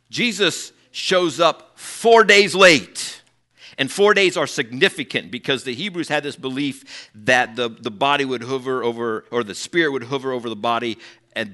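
Male preacher, animated storyteller who acts out quotes, bright edge to the voice. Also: medium pitch. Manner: conversational asides to the congregation. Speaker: pastor. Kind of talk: sermon.

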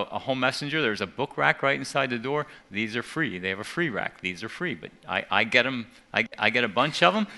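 A man's voice: mid-range voice, bright, forceful tone. A man giving an earnest talk to a church audience, often restarting and repeating words. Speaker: seminar speaker.

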